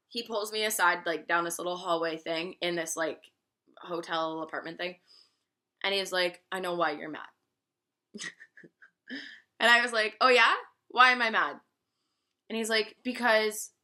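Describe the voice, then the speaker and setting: Young woman, vlogger, bright voice, casual storytime, swears a lot. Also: mid-range voice. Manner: candid and profane, laughing often.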